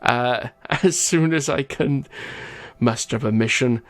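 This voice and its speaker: A man's voice: mid-range voice, a little slow. A man hosting a gaming channel, chatting casually over gameplay as he reads out viewer comments, often stumbling over names and laughing.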